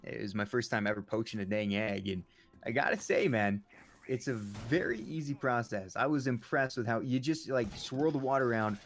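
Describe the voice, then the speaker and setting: A man calling an esports match play-by-play, excitable and joking around between the action. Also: medium pitch, moderate pace, slight background noise. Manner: excitable, jokey banter between calls. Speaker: esports caster.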